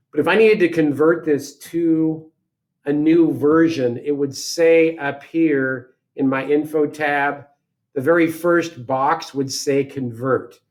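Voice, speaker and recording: A man teaching a software lesson, talking through each step aloud in a casual way and correcting himself as he goes. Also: on the high side. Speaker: instructor. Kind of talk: screen-recorded software tutorial.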